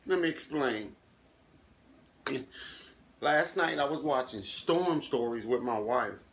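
A man's voice: mid-range voice, animated, slow pace, fairly bright tone. A man doing a comic monologue to camera, mock-emotional and drawn out, with fake crying. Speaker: comedy vlogger.

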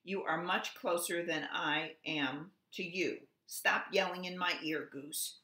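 A woman reading as Duck, a loud, scolding bossy duck. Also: lowish voice, fairly even intonation, takes it slowly. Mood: indignant. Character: bossy, proud male duck. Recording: roomy echo.

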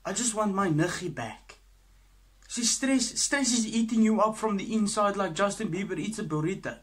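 A man playing a pushy, loud South African cousin in a comedy sketch, rambling and blustering with a South African accent. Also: sits high, normal speed, voice pushed up, close to an everyday voice.

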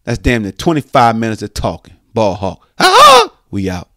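A man hosting a sports podcast, ranting in an animated, slangy way and speaking straight to his listeners. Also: lowish voice, brisk, no room sound, studio quality. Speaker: podcast host. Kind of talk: casual sports podcast rant.

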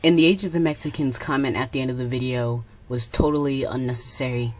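A woman's voice: rumbling low, fast. A woman giving a blunt, dismissive commentary on a video.

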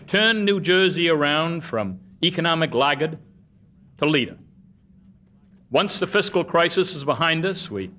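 A man delivering a formal state budget address in an auditorium, measured and oratorical, with a light humorous touch. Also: on the high side, sharp tone. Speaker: governor. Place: museum auditorium.

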